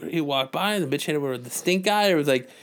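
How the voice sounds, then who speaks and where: A man's voice: a little high, expressive, fast talker, a bit bright. A man co-hosting a casual podcast, laid-back and joking dryly, laughing often. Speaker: podcast co-host. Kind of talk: casual chat.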